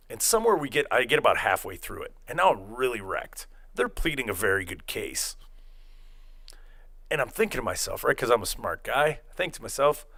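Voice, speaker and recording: A young man casually telling a long, profane story on a podcast, acting out quotes as he rambles. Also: fairly low pitch. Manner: rambling, profane, animated retelling with acted-out quotes.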